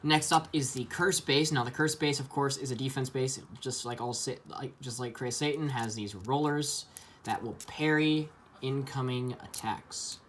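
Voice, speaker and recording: A man's voice: medium pitch, normal speed, a little hiss or hum. A man giving a casual, enthusiastic toy review, chatty and full of ums.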